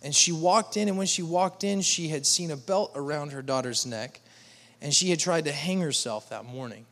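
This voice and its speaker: A man's voice: a little high, normal speed, fairly bright tone. A man preaching a sermon to a congregation in an earnest, pleading manner, raising his voice to act out quoted speech. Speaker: pastor.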